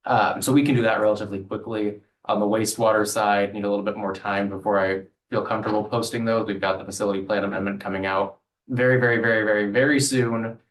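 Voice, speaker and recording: A man on the city staff explaining plans at a council meeting in a measured, explanatory way. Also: lowish voice, steady tone. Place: council chamber. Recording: roomy chamber, distant mic.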